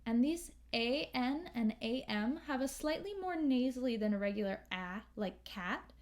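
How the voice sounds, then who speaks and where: A woman's voice: fairly high pitch, a little mellow. A woman teaching English pronunciation, drawing out sounds and singing short phrases as examples. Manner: slow, drawn-out demonstration of sounds, sings phrases. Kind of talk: pronunciation lesson with sung examples.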